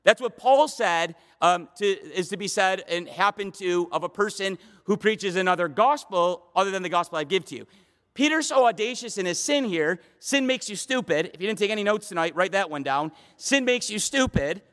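Male pastor, sermon, emphatic, bright tense voice, long hall echo. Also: high-pitched, expressive, fairly quick. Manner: emphatic, swings between loud and hushed.

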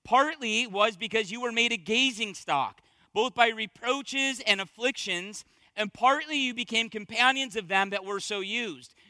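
High, bright-voiced male preacher. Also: unhurried, dry recording. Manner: emphatic, repeats key phrases for weight. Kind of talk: sermon.

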